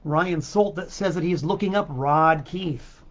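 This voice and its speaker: A man's voice: on the high side, measured pace, a little hiss or hum. A man hosting his own show, talking casually in a rambling, chatty way with many asides, his throat a bit choked up. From South Florida. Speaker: podcast host and record seller. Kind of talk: casual solo monologue. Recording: dull lo-fi sound.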